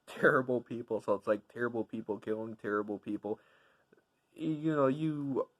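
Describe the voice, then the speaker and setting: A young man talks through a film review in a loose, rambling way, leaning on fillers and circling back on his points. His voice sits a bit on the low side, and he gets openly enthusiastic about what he liked. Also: poor audio. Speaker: movie reviewer. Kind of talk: casual spoken film review.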